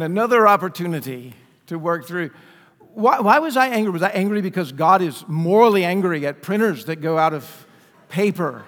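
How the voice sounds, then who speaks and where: A man's voice: sits high, lively intonation, normal speed, a bit bright, long reverb tail. A man preaching a sermon as pastor, speaking conversationally and asking the congregation rhetorical questions. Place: church sanctuary.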